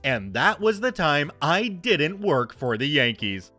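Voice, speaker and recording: He's in his thirties, reading internet stories out loud and commenting on them with dry humor. The voice is fairly high, sing-song, and sharp-toned, delivered unhurriedly over faint background music.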